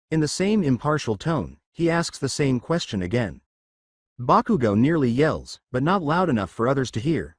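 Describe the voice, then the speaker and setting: A man reads fan fiction aloud in a steady storytelling manner. His voice sits at a middle pitch with lively swings, and the recording is dry and close. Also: normal speed, dry recording. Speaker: narrator. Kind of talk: scripted fan fiction narration.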